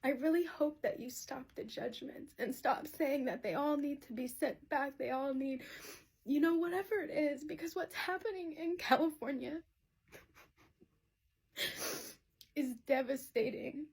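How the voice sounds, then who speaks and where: A woman's voice: high-pitched, a little slow, vocal fry, a little mellow. A woman speaking in an impassioned, swearing opinion video, nearing tears.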